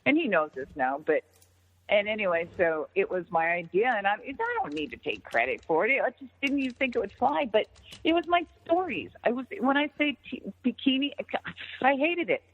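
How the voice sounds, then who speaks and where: Animated woman telling stories over a phone line. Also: on the high side, brisk. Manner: profane, animated, acts out others' lines. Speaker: interview guest, former wrestler. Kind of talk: casual storytelling interview. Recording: tinny phone-line audio with long reverb.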